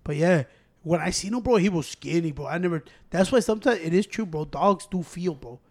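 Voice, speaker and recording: A man telling a story in casual chat, profane and animated, with slangy asides. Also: fairly high pitch, fairly quick.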